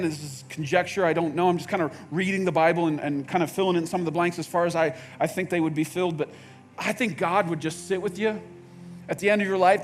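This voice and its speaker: A man preaching a sermon in a conversational way, with halting restarts, dropping to quiet intensity and rising to loud outbursts. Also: high voice. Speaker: pastor. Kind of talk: sermon with acted-out quotes.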